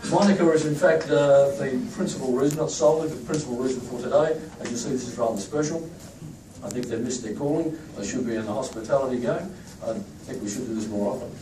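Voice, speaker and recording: A man's voice: mid-range voice, fast talker. A man gives a chatty, joking speech at a staff event, introducing team members to a crowd. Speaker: institute leader presenting staff. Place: echoey event room with a crowd. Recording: echoey room, distant mic, crowd noise.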